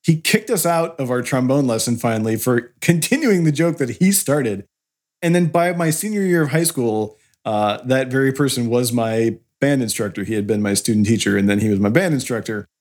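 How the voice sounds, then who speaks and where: A man's voice: mid-range voice, fairly quick, a little mellow. A man from Iowa co-hosting a podcast, telling a rambling story with laughs and apologies. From Iowa, USA. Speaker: podcast co-host. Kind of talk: casual chat.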